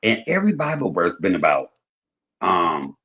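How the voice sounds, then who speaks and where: A man hosting a livestream, telling stories in casual chat, swinging between loud and soft. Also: deep voice, huge pitch swings, moderate pace. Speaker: livestream host.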